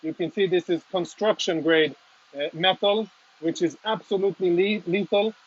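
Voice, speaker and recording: A man speaking as a military spokesman, reporting live and earnestly from inside a damaged apartment, audibly emotional with halting restarts. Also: high-pitched, steady tone, husky, dull audio. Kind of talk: live walk-through report.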